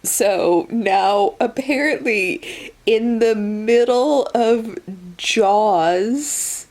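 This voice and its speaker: A woman's voice: a little high, extremely slow, a little mellow. A woman book vlogger talking in a casual reading vlog, incredulous and swearing, breaking into laughter often.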